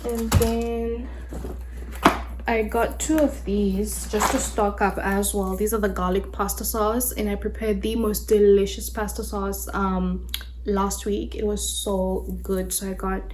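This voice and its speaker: A woman's voice: mid-range voice, flat delivery, measured pace, darkish tone, a little hiss or hum. A woman, a mother, chatting casually at home as she shows a grocery haul, rambling with many fillers and restarts. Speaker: mother and lifestyle vlogger.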